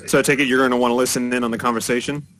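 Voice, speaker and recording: A man narrating a tabletop game as game master in a relaxed, casual way. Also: mid-range voice, rapid-fire.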